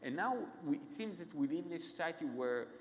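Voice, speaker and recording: A man with an Israeli accent, a guest author telling stories on stage in a halting, self-interrupting way. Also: fairly high pitch, expressive. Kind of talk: onstage conversation, anecdotal storytelling. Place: large event hall. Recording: echoey hall.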